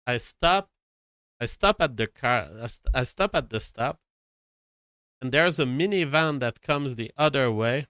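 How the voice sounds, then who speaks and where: A man's voice: mid-range voice, expressive, measured pace, a bit bright, smooth, no echo. A man from Canada telling a rambling, profane, self-dramatizing anecdote. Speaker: storyteller. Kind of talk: casual anecdote.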